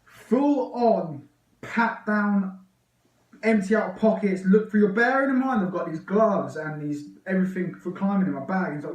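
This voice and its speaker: A young man excitedly telling a long personal story on his vlog, rambling with lots of fillers. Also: sits high, normal speed, reverberant, distant mic, poor audio. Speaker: vlogger.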